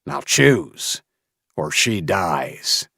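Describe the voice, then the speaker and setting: Audiobook villain: a cruel, enraged captor who roars and growls, voiced higher and rougher, as a man puts him on. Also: expressive, measured pace, fairly bright tone, no room sound, clean studio sound, exaggerated voice. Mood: menacing. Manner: roaring and growling. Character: enraged cruel adult male captor with a rifle.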